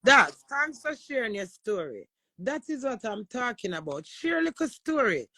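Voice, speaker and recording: Jamaican woman, live-stream host, gravelly voice, sharp bright tone, forceful swearing rant. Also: a little high, big pitch swings, normal speed, no room sound. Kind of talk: casual live chat.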